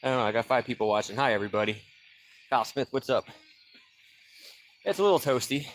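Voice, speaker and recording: A man's voice: mid-range voice, quick pace. A man chats loosely to his viewers while working outside, a bit out of breath. His voice sits in a middle register, and faint music plays in the background. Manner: loose, rambling, greets viewers by name. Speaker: livestreamer doing car repair. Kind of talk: casual livestream chat. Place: backyard, outdoors.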